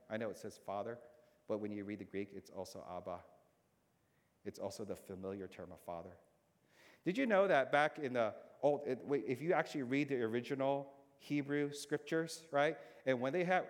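A male pastor preaches in a chatty, conversational way, rising for emphasis and then dropping to near-hushed lines. His voice sits at a middle pitch, and a long hall reverb trails after each phrase. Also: brisk. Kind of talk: sermon.

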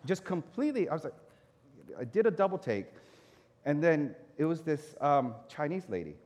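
Animated pastor telling a story. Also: male voice, a little high, moderate pace. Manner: animated storyteller, acts out his own anger. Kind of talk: storytelling sermon. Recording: echoey hall reverb.

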